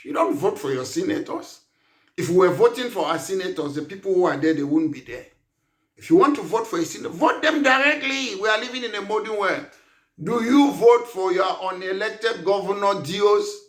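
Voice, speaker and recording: A man's voice: high-pitched, fairly bright tone, roomy sound. A man leading a political party, delivering an emphatic political monologue full of rhetorical questions. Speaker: party leader.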